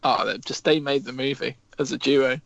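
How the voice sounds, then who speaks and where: A man co-hosting a podcast in casual chat, enthusiastic and animated, swearing freely. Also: medium pitch, moderate pace, gravelly, no echo. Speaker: podcast co-host.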